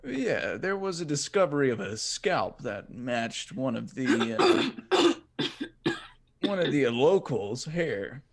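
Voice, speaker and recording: A player in a tabletop game speaks in character with a medium-pitched, sing-song voice at a slow pace. He stammers politely, giving hesitant, nervous answers.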